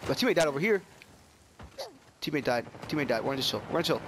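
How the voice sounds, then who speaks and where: Young dude with a cold gaming, voice jumps all over, loud gunfire behind. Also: male voice, medium pitch, racing, pauses often, very noisy. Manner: excitable, yelps and trails into chatty stories. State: sick with a cold, coughing. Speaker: gaming YouTuber. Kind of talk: casual gameplay commentary. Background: game gunfire.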